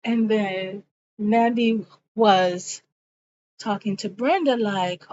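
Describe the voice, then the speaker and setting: A woman's voice: mid-range voice, takes it slowly, pauses often, darkish tone. A woman giving a chatty, slangy, casual recap of a TV episode. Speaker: show recapper. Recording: dull lo-fi recording.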